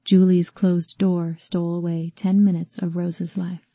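A woman narrating a novel in an even, measured storytelling manner. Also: fairly low pitch, dry recording. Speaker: audiobook narrator.

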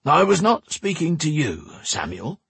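A man voicing a fussy, nervous old male mage who talks gruffly with sudden sharp outbursts. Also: a little high, wildly swooping pitch, unhurried, dry recording, voice pushed up, full character voice. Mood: agitated.

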